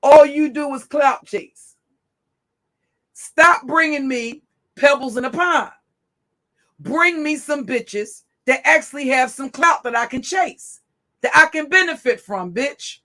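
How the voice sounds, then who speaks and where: Give me a woman livestream host ranting at her chat: cursing, taunting and confrontational, with a high, bright, cutting voice. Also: animated, takes it slowly.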